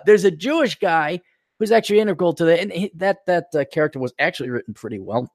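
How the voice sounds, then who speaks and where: A man's voice: fairly high pitch, measured pace, no echo, studio quality. A man hosting a podcast, ranting sarcastically and swearing, often mocking characters in put-on voices. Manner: swears, animated and indignant. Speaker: podcast host. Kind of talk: casual ranting monologue.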